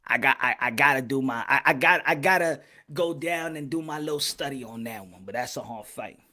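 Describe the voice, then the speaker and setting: A man doing boxing commentary as a loud, profane, animated casual rant, laughing often. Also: mid-range voice, fairly quick.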